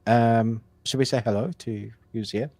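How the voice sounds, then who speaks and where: A man's voice: mid-range voice, fairly even intonation, moderate pace, mellow, no echo. A man co-hosting a live movie stream from home, talking casually in a rambling way, full of fillers and restarts. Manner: rambling, filler-heavy, self-correcting. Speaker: co-host of a live movie show.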